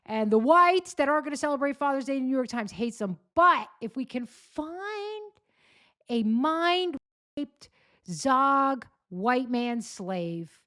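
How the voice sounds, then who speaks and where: A woman's voice: sits high, expressive, slow, sharp tone, no echo, studio quality. A woman hosting a commentary show, talking in a sarcastic, mocking, rambling way. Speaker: host. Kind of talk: commentary on clips.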